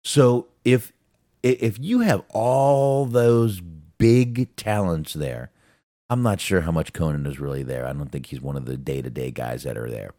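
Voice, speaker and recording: Male podcast co-host, very deep, dry close sound, blunt, profane. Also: dark tone, no room sound. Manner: blunt, swears a lot, laughs often. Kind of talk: profane wrestling podcast chat.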